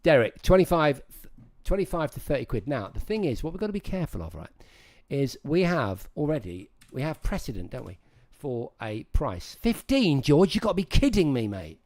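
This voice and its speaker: A man's voice: a little high, big pitch swings, normal speed, a little mellow. A man hosting a livestream, chatting casually and rambling as he talks straight to his viewers. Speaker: livestream host.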